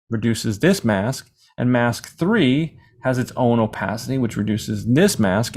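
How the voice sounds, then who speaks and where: Casual male tutorial instructor, slightly gravelly voice, mid-range pitch, chatty and meandering. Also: darkish tone. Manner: casual, rambling, acts out imagined viewers' questions. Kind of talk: screen-recorded software lesson.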